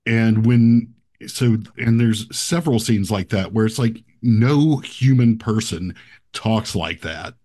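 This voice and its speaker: A man casually discussing a film, speaking haltingly with restarts and blunt swearing. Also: lowish voice, mellow. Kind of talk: casual movie review chat.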